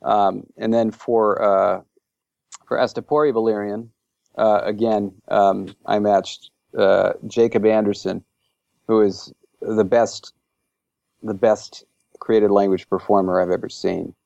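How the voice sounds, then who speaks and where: A man's voice: on the low side, level tone, slow, creaky, a little mellow, no room sound, dull audio. A man guesting on a podcast interview, talking enthusiastically and rambling with lots of fillers. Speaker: interview guest, language creator. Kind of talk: casual interview chat.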